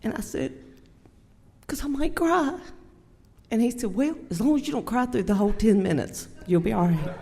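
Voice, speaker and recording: An older woman with a Southern US accent giving a halting, heartfelt Mother's Day talk at a church microphone, near tears. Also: medium pitch, sing-song, gravelly, warm tone. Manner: halting, heartfelt, many fillers. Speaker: church speaker. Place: church sanctuary. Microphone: handheld microphone. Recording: long church hall reverb.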